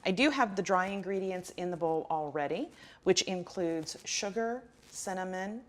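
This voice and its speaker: A woman's voice: on the low side, animated, normal speed. A woman explaining a recipe step by step, with frequent ums. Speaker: cook.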